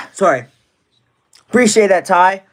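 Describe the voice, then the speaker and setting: A man's voice: high-pitched, lively intonation, takes it slowly, fairly bright tone. A nineteen-year-old man from Indiana, livestreaming casually, rambling and greeting viewers in chat by name. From Indiana, USA. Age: teens.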